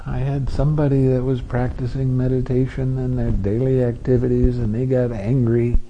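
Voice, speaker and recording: A man giving a meditation talk, gentle and amused, who acts out his students' complaints. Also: medium pitch, level tone, normal speed, highs cut off, a little hiss or hum. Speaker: meditation teacher. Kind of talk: dharma talk.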